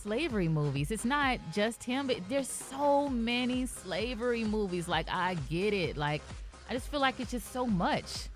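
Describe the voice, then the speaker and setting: A woman's voice: fairly high pitch, expressive, unhurried, soft background music. A woman co-hosting a radio morning show, giving her opinions bluntly. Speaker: co-host.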